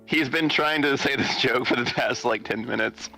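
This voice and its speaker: A young man co-hosting a gaming stream, trading crude, deadpan teasing jokes in casual banter. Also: medium pitch, normal speed, faint music behind, low-quality recording. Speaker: streamer co-host.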